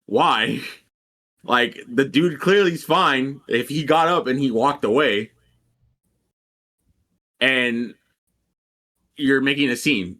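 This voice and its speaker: A man's voice: medium pitch, bright, forceful tone. A young man casually telling a rambling, profane story and quoting people animatedly as a podcast co-host.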